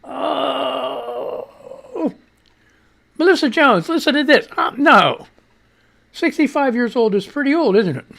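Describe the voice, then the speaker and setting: A man's voice: very high voice, big pitch swings, moderate pace, pushed and bright. A man in his sixties hosting a live radio stream, chatting casually and profanely and reading viewer tweets. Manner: profane, rambling, laughs at himself. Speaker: radio show host.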